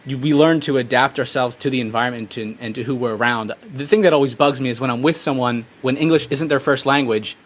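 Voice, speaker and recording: Fast-talking male podcast host. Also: mid-range voice, steady tone. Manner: quick, talks in long winding sentences with restarts. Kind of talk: casual interview questions.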